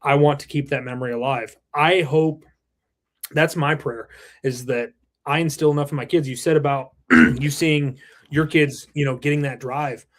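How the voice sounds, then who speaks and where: His voice is slightly high and steady, with a moderate pace. He's a thirty-something roofing company president guesting on a podcast, thoughtful and sincere in a casual chat, with the odd swear word.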